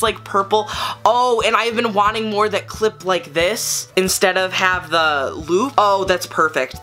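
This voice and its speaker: A woman vlogging an unboxing in an excitable, gushing way, full of exclamations. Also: fairly low pitch. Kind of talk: casual unboxing vlog.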